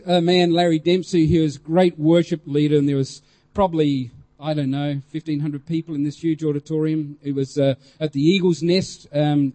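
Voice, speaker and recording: A man preacher telling a worship story as a testimony, animated, with many fillers and sudden loud exclamations. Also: fairly high pitch.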